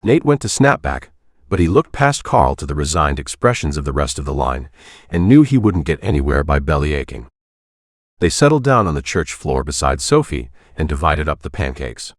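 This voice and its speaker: A man narrating an audiobook in a steady, even reading voice on a close mic. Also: a bass voice, moderate pace, dry recording. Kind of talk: scripted narration.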